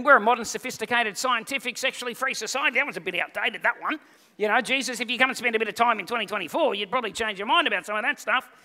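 A middle-aged man, preaching a lively sermon to a congregation and acting out Bible figures. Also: very high-pitched. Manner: animated, acts out Bible figures in quick voices. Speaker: pastor.

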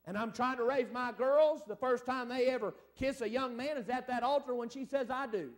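A man's voice: extremely high pitch, brisk. A middle-aged man preaching a folksy revival sermon in a church, calling out for amens from the congregation. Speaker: evangelist. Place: church service.

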